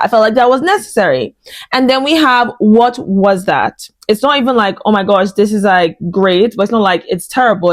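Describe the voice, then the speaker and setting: A young woman talking straight to her audience in a relaxed vlog, her voice at a middle pitch. She is expressive and dramatic, with plenty of fillers and outbursts. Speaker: vlogger. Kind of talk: casual chat.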